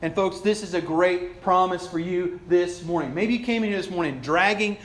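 A male pastor preaching a sermon emphatically, swinging between raised lines and hushed ones. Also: high-pitched, normal speed, reverberant.

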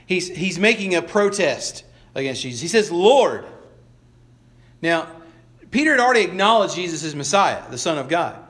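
Here a pastor delivers a conversational sermon in a slightly high, sharp-toned voice that is expressive and brisk. He frequently restarts phrases and performs the quoted lines of the people he mentions in their own voices.

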